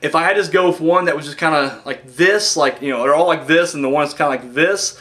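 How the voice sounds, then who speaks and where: A man's voice: a little high, fast talker. Rambling man recapping wrestling matches. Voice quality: rambling, filler-heavy, excitable fan. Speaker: wrestling review host. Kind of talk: casual spoken recap.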